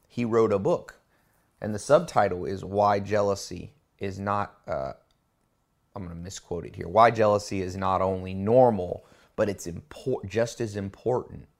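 Male host, lowish voice, emphatic, casual book talk with lots of restarts. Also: gravelly. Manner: emphatic, stresses key words, restarts often. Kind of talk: casual spoken commentary.

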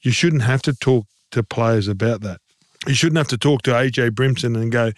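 The speaker, a former rugby league player, co-hosts a podcast about the sport and airs strong, outspoken opinions in easy chat. He has a medium pitch and moderate pace, with a dry, clean studio recording.

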